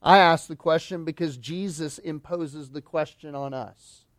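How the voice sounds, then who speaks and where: High-voiced pastor preaching. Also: male voice, no room sound, studio quality. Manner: emphatic preaching, slowing and dropping low on key phrases. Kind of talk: sermon.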